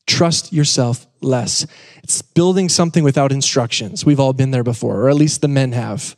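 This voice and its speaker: A man's voice: medium pitch, normal speed, in a large hall. A man preaching a sermon to his congregation, casual and joking, repeating key points for emphasis. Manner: conversational, joking asides, emphatic repetition. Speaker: pastor. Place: church sanctuary.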